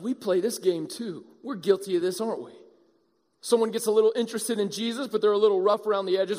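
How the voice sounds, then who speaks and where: A man preaching a sermon as pastor, animated and acting out the voices of a crowd. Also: high voice, fast talker. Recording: long hall reverb.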